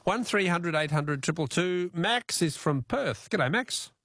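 An Australian man hosting a talkback radio quiz, chatty and quick to laugh, repeating his question to callers. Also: a little high, lively intonation, a bit bright, no echo, studio quality. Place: radio studio. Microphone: studio mic.

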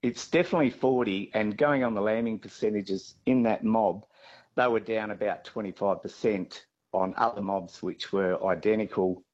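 A man with an Australian accent, a farmer being interviewed, talking haltingly with many fillers and restarts. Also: lowish voice, darkish tone, dull audio.

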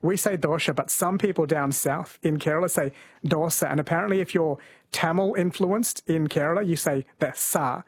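A man hosting an overnight radio quiz in a gentle, chatty way, reading questions from a studio microphone. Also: on the high side, fairly quick, breathy edge, no echo. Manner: gentle, chatty, laughs easily.

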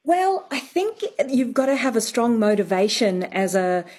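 A woman's voice: a little high, sing-song, a little slow, darkish tone, breathy edge. A woman who is a guest on a radio show, explaining speech thoughtfully with many fillers. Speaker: studio guest, speech expert.

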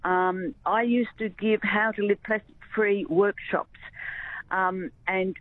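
A woman's voice: medium pitch, steady tone, takes it slowly. A woman in her eighties with an Australian accent, calling in to a radio show and speaking earnestly and insistently. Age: 80s. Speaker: caller. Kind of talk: radio call-in. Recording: tinny phone line.

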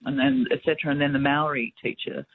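A woman's voice: a bass voice, flat delivery, fast. A woman calling in to a radio show, chatting in a rambling way. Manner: chatty, rambling name-dropping. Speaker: caller. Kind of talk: phone-in radio chat. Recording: tinny phone line with faint hiss.

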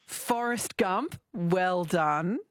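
A woman's voice: on the low side, extremely slow, no room sound, studio quality. A woman hosting a radio show, chatting playfully and laughing often. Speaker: radio host. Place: radio studio. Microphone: studio microphone.

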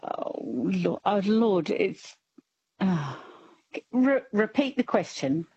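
A woman's voice: mid-range voice, sing-song, takes it slowly, dark tone, husky, no room sound. A woman, calling in to a radio show, hesitant and self-deprecating. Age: late 50s. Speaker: radio caller. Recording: muffled dry phone line.

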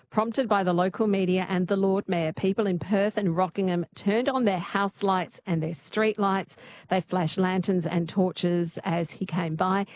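A woman's voice: fairly low pitch, a little mellow, slight background noise. Woman, radio quiz host, chatty, laughs easily, talkback style.

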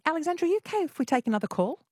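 A woman's voice: high voice, big pitch swings, very fast, a little mellow, no room sound, clean studio sound. A woman hosting a late-night radio talk show, chatting with callers and a guest in a friendly way. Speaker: radio host.

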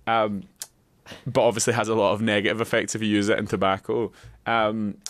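A man's voice: on the low side, little pitch movement, a little fast, a bit bright, dry recording. A man, co-hosting radio and rambling through casual explanations. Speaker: radio co-host.

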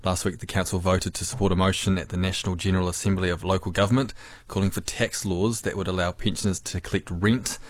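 A man with a New Zealand accent reading radio news headlines in a studio, steady with casual asides. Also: low-pitched, fast. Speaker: news presenter. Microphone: studio microphone.

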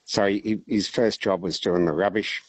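An Australian man calling in to a radio show, telling a long joke in a relaxed, rambling way. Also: lowish voice, normal speed, husky, no echo, poor audio. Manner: rambling, relaxed yarn-spinning. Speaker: caller, teacher. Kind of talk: casual phone-in storytelling.

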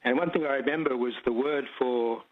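A male caller on a tinny phone line who talks fast, tripping over his words and restarting sentences. His voice is a little husky. He chats casually while answering quiz questions. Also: medium pitch. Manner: quick, stumbling restarts, repeats words. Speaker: radio caller and quiz contestant.

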